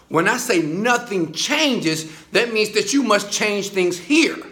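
A man giving a hyped motivational talk to his phone camera in a high-rise apartment, chanting and repeating phrases. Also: fairly bright tone. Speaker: motivational speaker.

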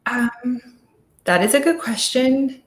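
A woman's voice: high-pitched, slow pace. Chatty woman on an echoey call. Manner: chatty, thoughtful, with frequent restarts. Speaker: audio studio founder, guest speaker. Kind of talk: casual virtual talk.

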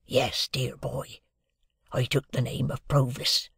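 A man doing a hushed, gruff old convict. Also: mid-range voice, level tone, takes it slowly, dry recording, exaggerated voice. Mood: guarded. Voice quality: hushed, coarse, old-fashioned rustic speech. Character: rough old male convict, low and guarded.

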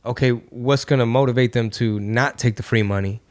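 A man's voice: mid-range voice, steady tone, fairly quick. Profane, riffing male podcast host. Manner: loose, profane and riffing, slipping into mock voices. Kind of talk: casual podcast chat.

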